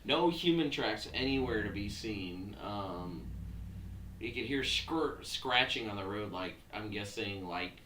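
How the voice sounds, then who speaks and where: Casual podcast host, a man telling excited stories with a lively, bouncing pitch. Sits off-mic with faint hiss behind him. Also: unhurried, roomy sound, distant mic. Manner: excitable storyteller, says "dude" and "like" often. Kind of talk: casual chat.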